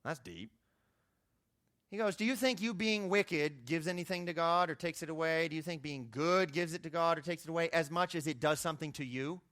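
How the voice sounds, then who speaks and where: A young male youth pastor delivers a sermon in an easy, chatty way, and his voice leaps upward on key points. His tone is bright and a little higher than most men's. The recording is dry and close. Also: a little fast, no echo. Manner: conversational preaching, voice climbing high for emphasis.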